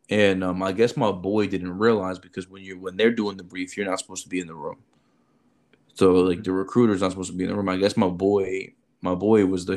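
A low-voiced military recruiter tells an animated story during casual conversation, acting out the people he quotes.

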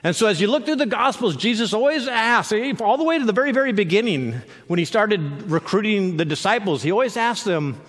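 A man with a high voice preaching a sermon, his speech echoing through a hall with a long reverb. He talks in a conversational way and breaks into joking asides. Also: big pitch swings, a little fast, few pauses, a bit bright. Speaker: pastor.

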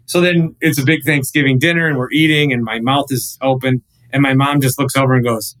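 A man in his thirties, a radio host guesting on a podcast, chatting casually and telling animated, rambling stories full of restarts. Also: mid-range voice, fairly quick, low-quality recording.

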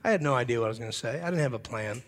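A man preaching a humorous revival sermon, animated and often leaping into shouts. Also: mid-range voice, very fast. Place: church hall. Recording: long hall reverb.

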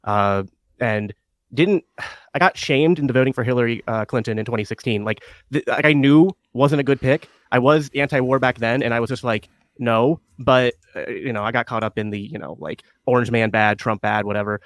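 A man's voice: medium pitch, a little fast, no echo. A man on a podcast talking through his story with many hesitations and restarts. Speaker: podcast host. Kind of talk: conversational podcast interview.

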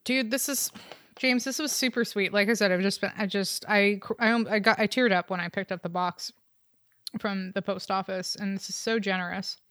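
A woman's voice: medium pitch, steady tone, moderate pace, a bit bright, no room sound. A woman co-hosting a podcast in casual, rambling chat over a call, laughing often. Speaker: podcast co-host. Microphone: remote call recording.

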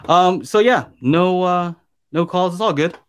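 A man's voice: high voice, unhurried, a bit bright, a little hiss or hum. A man co-hosting a podcast, talking in a loose, rambling way with lots of fillers. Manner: chatty, rambling, many fillers. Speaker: podcast co-host. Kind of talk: casual chat.

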